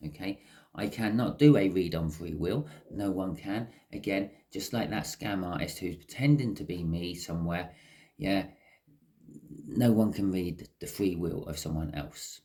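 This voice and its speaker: A man giving a casual, chatty tarot reading, often checking in with "okay?". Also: unhurried. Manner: chatty, lively rises in pitch, frequent "okay?" check-ins. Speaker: tarot reader.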